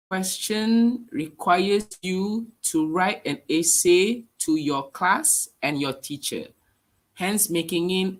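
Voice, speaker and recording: A man with a nasal, under-the-weather voice, teaching a live online writing lesson with hesitant fillers. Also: on the high side. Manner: hesitant, many fillers, explanatory. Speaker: English teacher.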